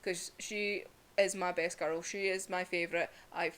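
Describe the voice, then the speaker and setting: A woman's voice: fairly low pitch, steady tone, unhurried, a bit bright. A young woman, ranting casually and emotionally in a vlog, laughing often and swearing. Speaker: vlogger reviewing manga.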